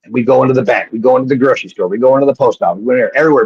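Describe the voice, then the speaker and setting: A man, a former pro wrestler appearing as a guest, telling animated and profane stories in a casual way, often restarting his sentences. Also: medium pitch, racing, vocal fry, slightly rough. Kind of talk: casual storytelling on a live show. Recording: dull lo-fi sound.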